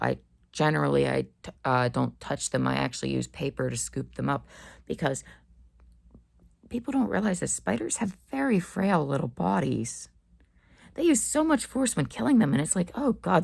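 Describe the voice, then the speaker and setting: Very deep-voiced, gravelly young woman rambling. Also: animated, moderate pace, darkish tone, dry recording, studio quality. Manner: rambling, slangy and blunt. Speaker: vlogger. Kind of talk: casual monologue. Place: dorm room.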